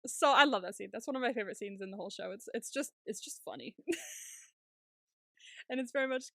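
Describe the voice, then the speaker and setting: Bright, high-voiced woman recapping a show. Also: brisk, gravelly, pauses often, dry recording, studio quality. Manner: animated, laughs often. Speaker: podcast co-host. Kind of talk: casual TV recap chat.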